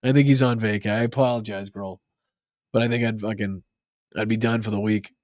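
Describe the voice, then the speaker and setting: A man's voice: fairly low pitch, fairly even intonation, fairly quick, a little mellow, no echo, clean studio sound. A man with a Boston accent hosting a livestream, swearing, mocking politicians and reading out viewer donations. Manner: profane, sarcastic, mocking. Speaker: political commentary host.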